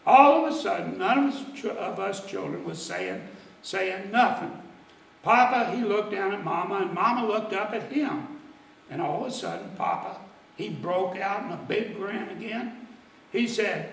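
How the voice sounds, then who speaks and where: A man telling a folksy story in dialect at a church service, animated and lively. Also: high voice, normal speed, gravelly, roomy sound, distant mic, rough recording. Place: church sanctuary.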